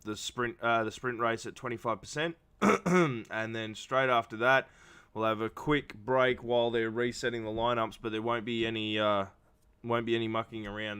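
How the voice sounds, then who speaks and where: A man's voice: fairly low pitch, fairly bright tone, clear, resonant tone. A man doing casual live-stream commentary for an online racing league, talking with many fillers while feeling unwell. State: not feeling well.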